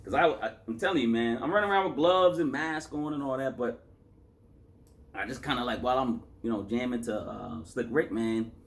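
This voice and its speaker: A man from Boston with a mid-range voice talks briskly while reviewing a hip-hop album in loose, rambling casual chat. Tired after a work shift, he fills his speech with fillers and self-corrections.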